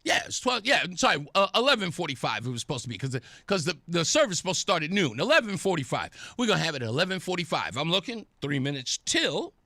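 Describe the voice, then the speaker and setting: A man's voice: fairly high pitch, fast, hardly any pauses, dry recording, studio quality. A man hosting a talk radio show, delivering an opinionated, mocking monologue and acting out other people's voices. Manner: animated, mocking, acts out voices.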